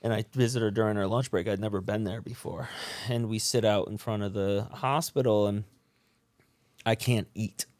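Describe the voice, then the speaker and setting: A man's voice: fairly low pitch, steady tone, moderate pace, darkish tone, dry recording. A man, a podcast guest, telling his own recovery story in a casual, slangy way, with many fillers and restarts.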